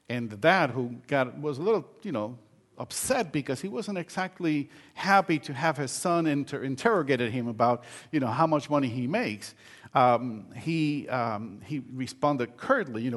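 A man's voice: medium pitch, normal speed. Older man preaching conversationally. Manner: conversational storytelling with many fillers. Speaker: pastor. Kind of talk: sermon.

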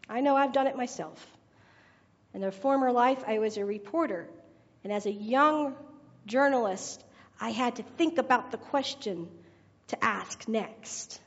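A woman's voice: a little high, unhurried. A woman preacher telling a joke and then giving her sermon, chatty and laughing at her own jokes. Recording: reverberant hall, dull sound.

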